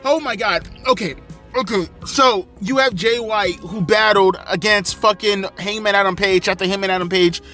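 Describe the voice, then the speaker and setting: A young man rants about a wrestling show with a very high, sharp voice. He is angry and sarcastic, and he swears constantly. Faint music plays in the background. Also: moderate pace. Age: young adult. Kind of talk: profane ranting show review.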